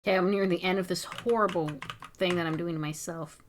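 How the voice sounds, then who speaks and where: A woman's voice: lowish voice, steady tone, fairly quick, slight background noise. A woman streaming as an artist, chatting casually while she draws, giggly, chatty and self-mocking. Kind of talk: casual chat while drawing.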